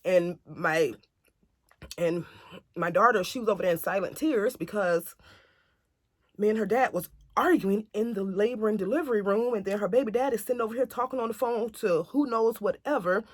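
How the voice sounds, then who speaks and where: A woman telling a family story to camera in a casual, animated way, acting out what others said. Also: mid-range voice, normal speed, dry recording, clean studio sound. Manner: chatty, animated retelling that acts out other people's lines.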